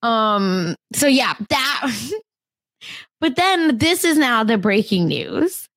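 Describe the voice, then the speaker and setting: A young woman with a light Indian accent chats about celebrity gossip as a podcast co-host. Her fairly high voice leaps up and down with animated, chatty energy, and she laughs often. The sound is close and dry. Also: very slow, no echo. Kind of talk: casual celebrity gossip chat.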